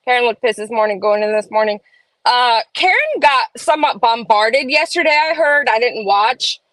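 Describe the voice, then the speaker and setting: A woman's voice: a little high, normal speed, a bit bright, no echo, rough recording. A woman, hosting a casual live stream from her home and chatting opinionatedly while reading comments aloud. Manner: chatty, reads chat aloud, opinionated asides. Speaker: livestream host. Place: home room.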